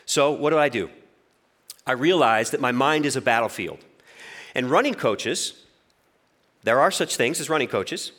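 Casting: man, 40s, pastor delivering a sermon, very expressive pitch, storyteller who acts out inner voices.

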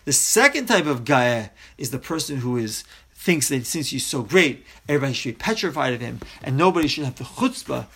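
A man's voice: mid-range voice, very animated, brisk, fairly bright tone, slightly rough. A man teaching a Torah text study class, reading Hebrew phrases aloud and then explaining each one in English.

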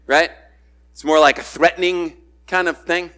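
Bright, high-voiced male preacher. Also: steady tone, moderate pace. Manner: conversational preaching, acts out quoted voices. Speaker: pastor. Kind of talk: sermon.

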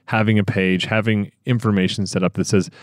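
A podcast host speaks in a fairly low voice and reflects enthusiastically on his guest's points. The recording is dry with no room sound. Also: level tone, brisk, no echo. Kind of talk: casual podcast conversation.

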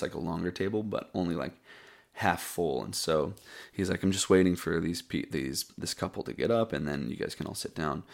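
Gravelly low-voiced man telling a story. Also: a little mellow. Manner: rambling, laid-back storyteller who calls listeners buddy and dude. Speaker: podcast host. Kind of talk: casual storytelling and poetry reading.

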